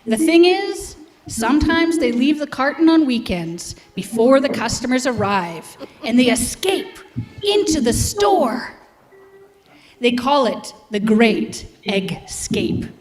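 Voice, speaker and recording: A woman reading aloud as a fussy male egg who likes his quiet, in an expressive storybook manner. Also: high-pitched, slow, voice pushed down. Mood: chatty. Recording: echoey hall.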